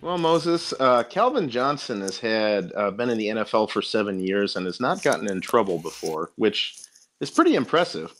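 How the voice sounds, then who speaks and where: A man presents the news segment of a casual fan podcast. He speaks in a halting, wry way, and his pitch moves in a lively manner. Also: faint music behind.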